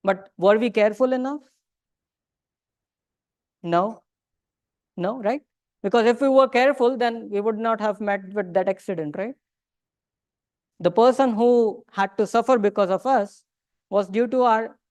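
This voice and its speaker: Smooth-voiced woman teacher. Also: on the high side, measured pace, long pauses, no echo, studio quality. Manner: questioning the audience, mixing in Hindi phrases. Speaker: religious teacher. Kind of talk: interactive lecture to a class. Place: temple lecture room.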